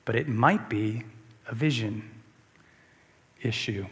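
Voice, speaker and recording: A man's voice: mid-range voice, fairly bright tone, breathy edge. A man preaching a sermon as a pastor, emphatic and repeating rhetorical questions to the congregation. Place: church sanctuary. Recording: long church reverb.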